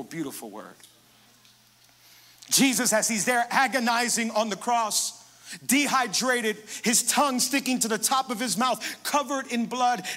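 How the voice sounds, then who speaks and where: A man pastor preaching a sermon, emphatic, moving between hushed passages and loud, rising declarations. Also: very high-pitched, big-room sound.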